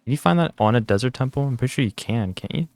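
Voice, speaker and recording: A man's voice: mid-range voice, animated, quick pace, no echo, soft background music. A tired young man chatting casually while playing a game, rambling and self-deprecating. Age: young adult. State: tired, yawning. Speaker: gaming channel host. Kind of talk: casual gameplay commentary.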